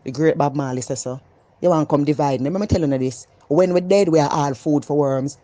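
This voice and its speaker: A woman with a Jamaican accent, talking loudly and animatedly in a casual, opinionated vlog monologue. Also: sits low, a little fast, no room sound. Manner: animated, loud and emphatic. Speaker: vlogger.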